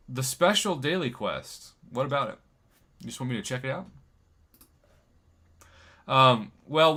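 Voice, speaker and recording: A man's voice: fairly high pitch, sharp tone. A man hosting a live game stream, chatting casually and joking while reading viewer comments. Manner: jokey, chatty, reads viewer comments aloud.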